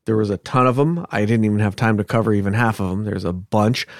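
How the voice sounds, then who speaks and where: A man's voice: on the low side, quick pace, no echo, clean studio sound. A man co-hosting a podcast, reading the show's announcements and then chatting loosely with his partner. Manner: reads show announcements, then chats loosely. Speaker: podcast co-host. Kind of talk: casual podcast chat.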